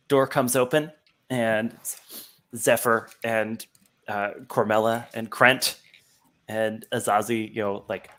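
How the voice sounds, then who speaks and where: A man's voice: lowish voice, fairly bright tone. A man narrating as game master over a video call, rambling with lots of fillers. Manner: rambling, heavy with fillers like "like" and "you know".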